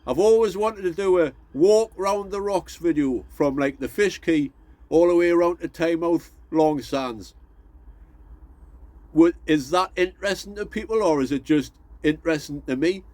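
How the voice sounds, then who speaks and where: A man's voice: on the high side, normal speed, darkish tone, no room sound. A man, chatting casually to camera as a gardening vlogger in a rambling, hesitant way.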